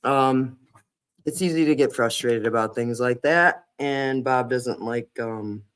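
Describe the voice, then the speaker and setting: A man's voice: mid-range voice, unhurried, fairly bright tone, clear, resonant tone. A man hosting a casual livestream chat, talking earnestly and hesitantly with many fillers and restarts. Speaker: livestream host.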